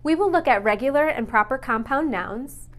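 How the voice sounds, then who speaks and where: A woman narrating a scripted pronunciation lesson, speaking clearly and deliberately and stressing each example word. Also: high-pitched, lively intonation, fairly bright tone. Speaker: English pronunciation teacher.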